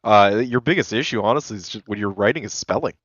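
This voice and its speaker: A man's voice: lowish voice, fast talker, a bit bright, husky, no room sound. A man who is a lawyer, chatting casually as a guest, telling rambling stories, swearing freely and laughing often. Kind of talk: casual chat. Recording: dull lo-fi dry voice line.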